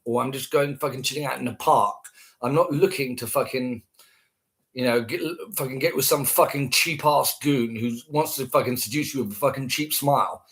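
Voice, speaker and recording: A man's voice: medium pitch, fairly bright tone. A man ranting casually to camera, scornful and heavily profane, repeating himself.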